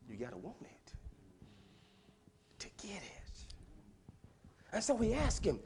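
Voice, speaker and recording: A male preacher with a high voice that swoops through a wide range, preaching slowly and deliberately. He drops to hushed whispers, then builds to shouted lines. He draws answers back from the congregation in the church. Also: huge pitch swings, a little hiss or hum. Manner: dramatic swings from hushed whispers to shouted lines, call-and-response. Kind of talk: sermon. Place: church sanctuary.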